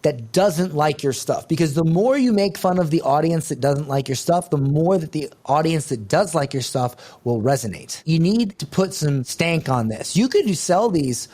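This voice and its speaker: A man's voice: fairly high pitch, expressive, moderate pace, hardly any pauses, mellow. Blunt, pushy man coaching. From United States. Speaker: business coach. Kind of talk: live coaching call.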